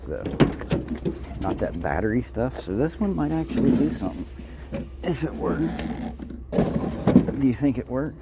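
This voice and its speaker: A man rambling and joking while picking through curbside trash at night, out of breath at times. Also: fairly low pitch. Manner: joking, rambling, mock voices of viewers. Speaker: scrap picker vlogger. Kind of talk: rambling casual vlog. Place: outdoors at night, curbside and in a vehicle. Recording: noisy outdoor night recording.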